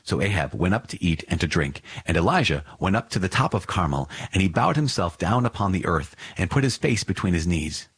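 Deep-voiced man reading scripture. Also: lively intonation, brisk, hardly any pauses, slightly rough, dry recording. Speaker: scripture reader.

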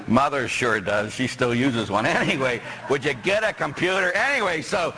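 A middle-aged man from Pittsburgh, a parish priest preaching a sermon, animated and joking as he quizzes his congregation. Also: mid-range voice, normal speed. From Pittsburgh, USA.

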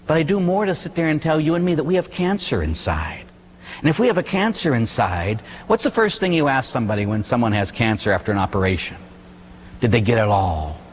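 Man, Catholic priest, animated sermon, rhetorical questions, lively pitch, long church reverb. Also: slight background noise. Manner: animated, conversational preaching with acted-out quotes and rhetorical questions.

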